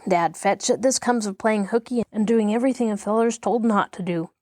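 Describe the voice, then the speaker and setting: A woman voicing a scrappy, easily frightened boy who talks in excited, breathless whispers with a rustic drawl. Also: mid-range voice, a little fast, dry recording, clean studio sound, close to an everyday voice. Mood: remorseful.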